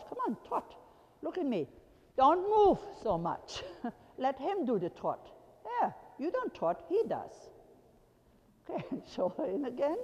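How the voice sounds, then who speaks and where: A woman's voice: fairly high pitch, a little mellow. A woman coaching a rider, calling out short repeated commands and laughing now and then. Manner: commanding, repetitive short calls, occasional laughs. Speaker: riding instructor. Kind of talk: coaching a rider from the arena floor. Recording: long hall reverb.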